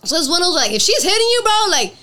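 High, lively woman telling stories. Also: rapid-fire. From Cuban family background. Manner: animated storyteller, acting out quotes, laughing often. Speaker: podcast guest. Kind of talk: casual chat.

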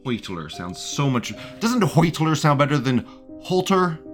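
A man's voice: fairly high pitch, sing-song, unhurried, faint music behind. A man hosting a live show, rambling in casual commentary, laughing often and repeating himself. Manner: reads out chat messages in a mocking tone.

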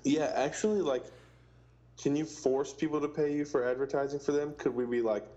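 A man's voice: a little high, steady tone, fairly quick, mellow, highs cut off. A young man co-hosting a casual podcast, joking around and laughing often. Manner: jokey, laughs often, spells out handles. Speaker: podcast co-host. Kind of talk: casual chat.

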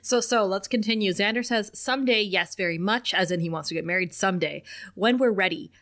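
A woman's voice: mid-range voice, brisk. A young woman co-hosting a podcast, recapping an episode in casual chat and laughing often. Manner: animated, laughs often, reads quotes in lively voices. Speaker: podcast co-host.

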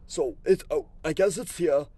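A man's voice: on the high side, moderate pace, warm tone, no echo. Flustered, stammering male comedy co-host. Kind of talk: improvised comedy.

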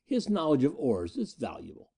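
A calm and menacing pirate chief, as a male narrator puts him on, his lines coming in a measured, matter-of-fact tone. The voice is dark and mellow, yet it rises and falls freely through each threat. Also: medium pitch, vocal fry, slightly rough, full character voice. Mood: cold, menacing. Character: cunning ruthless male space-pirate leader, calm and menacing.

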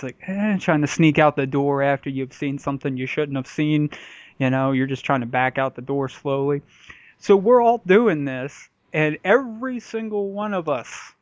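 A man's voice: on the high side, no room sound. A man hosting a podcast, telling stories in a crude, laughing, casual way. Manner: profane, laughing storyteller. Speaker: podcast host.

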